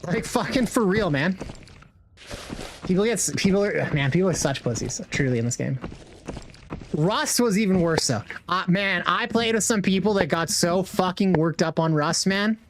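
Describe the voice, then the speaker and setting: A man's voice: high voice, lively intonation, normal speed, a little hiss or hum. A young man streaming a game, chatting casually in a rambling, slangy way with lots of swearing. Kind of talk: casual chat while gaming.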